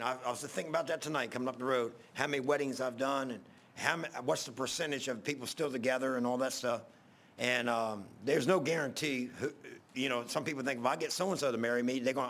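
A middle-aged pastor, preaching in a folksy, rambling storytelling way, repeating himself and getting loud at emotional peaks. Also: male voice, mid-range voice, steady tone, quick pace.

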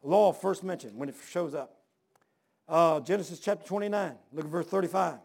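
A man's voice: fairly high pitch, brisk, vocal fry, a little mellow. A middle-aged male pastor preaching a sermon, telling stories and firing rhetorical questions with emphasis.

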